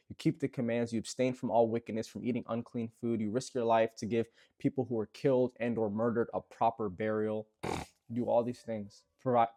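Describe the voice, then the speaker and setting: Earnest low-voiced man retelling scripture. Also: mellow. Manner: conversational, repetitive, earnest, addresses listener directly. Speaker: bible storyteller. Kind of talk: retelling a scripture story as encouragement.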